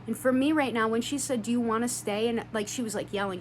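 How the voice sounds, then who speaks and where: A woman's voice: fairly high pitch, fairly even intonation, fast, hardly any pauses, a little hiss or hum. A woman telling an emotional story to her viewers in an earnest, spiritual self-help way, swearing now and then for emphasis. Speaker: vlogger.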